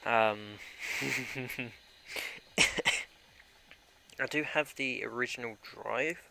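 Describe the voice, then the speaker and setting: A man's voice: medium pitch, drawn-out words, creaky, bright, forceful tone. A young man chatting casually and rambling as he streams a game, grumbling at it along the way. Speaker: live streamer.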